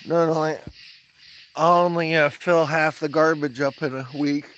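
A man's voice: on the high side, fairly even intonation, normal speed, fairly bright tone, highs cut off, slight background noise. A man streaming casually from his yard at night, rambling and swearing freely as he chats. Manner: rambling, profane, laughs often. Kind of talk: casual livestream chat.

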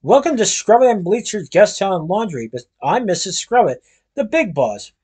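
A man's voice: high voice, big pitch swings, moderate pace, darkish tone, breathy edge, voice pushed up, heavily acted. A man voicing a greasy, bossy middle-aged landlady with a harsh, screechy voice.

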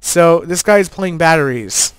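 A man's voice: on the high side, animated, measured pace, smooth, dry recording. A man giving casual, joking commentary over a card game he played, with laid-back gamer slang. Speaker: player and channel host.

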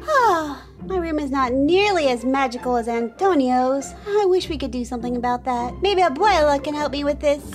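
A woman voicing a playful cartoon family of excitable kids who talk in a giddy, exclaiming way. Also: high-pitched, normal speed, few pauses, faint music behind. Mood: excited.

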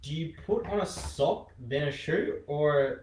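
A man's voice: on the high side, lively intonation, measured pace, a little mellow, slight background noise. A young man co-hosting a live podcast, reading out listener questions in a blunt, joking way. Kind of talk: casual live podcast chat. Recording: distant mic in a roomy studio.

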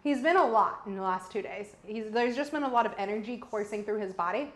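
A woman's voice: medium pitch, a little fast. A young woman hosting a live cooking stream, chatting casually and teasing her partner with frequent laughs. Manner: playful, laughs often, teasing. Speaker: cooking show host.

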